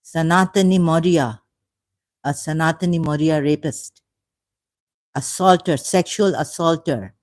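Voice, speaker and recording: Slow-talking, indignant woman host. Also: low voice, darkish tone. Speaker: channel host answering live chat. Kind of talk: live stream chat reply.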